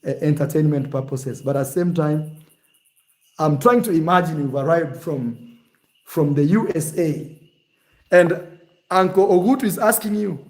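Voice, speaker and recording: A man talking casually and teasingly in a vlog, animated and jokey. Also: a little high, a little slow, long pauses. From Kenya. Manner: animated, teasing, shifts to mock accents. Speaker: vlogger.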